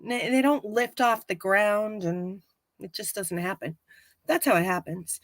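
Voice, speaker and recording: A woman co-hosting a casual live-stream, retelling an episode in animated fashion and acting out quotes. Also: medium pitch, a little slow, no room sound. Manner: animated storyteller, acts out quotes. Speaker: podcast co-host recapping a TV episode. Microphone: live-stream setup.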